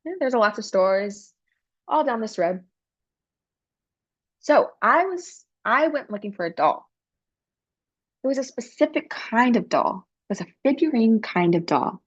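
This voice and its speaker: A woman interpreting for a panelist, telling a story in an expressive, animated way. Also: mid-range voice, normal speed, dull audio. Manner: animated, expressive, breaks into character voices. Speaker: sign language interpreter voicing a panelist.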